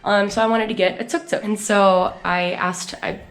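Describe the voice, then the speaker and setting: A young American woman telling a travel story to camera in a chatty, animated way, full of "like" and acted-out quotes. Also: mid-range voice, normal speed. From United States. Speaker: travel vlogger. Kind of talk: casual storytelling vlog.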